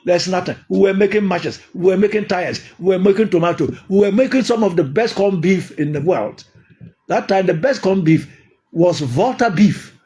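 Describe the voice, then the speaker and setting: A middle-aged Ghanaian man speaking in an impassioned political talk, often halting with hesitations and rising to shouts. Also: high-pitched. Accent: Ghanaian English.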